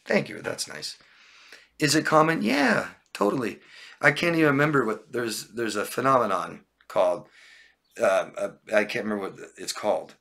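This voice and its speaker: Blunt gravelly-voiced male coach. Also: mid-range voice, expressive, normal speed, pushed and bright. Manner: blunt, repetitive, asks "right?" and "okay?". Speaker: relationship coach. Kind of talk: live stream Q&A, reading viewer questions.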